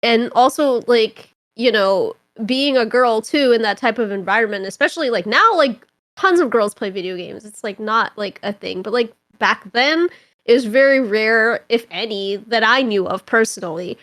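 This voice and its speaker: A young woman from Toronto, a podcast guest telling stories in casual chat, animated and rambling, with constant filler words. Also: a little high, moderate pace, no echo. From Toronto, Canada.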